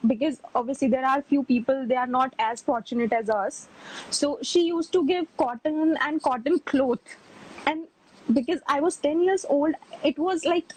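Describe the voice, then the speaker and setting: A woman in her thirties with an Indian accent, talking excitedly as a guest on a video call. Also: high-pitched, rough recording. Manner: excited, overwhelmed, laughing.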